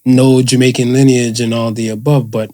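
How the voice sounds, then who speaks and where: A man's voice: mid-range voice, flat delivery, normal speed, dark tone. A man co-hosting a casual podcast, rambling and padding his points with filler phrases. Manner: rambling, fills with "and stuff". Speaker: podcast co-host.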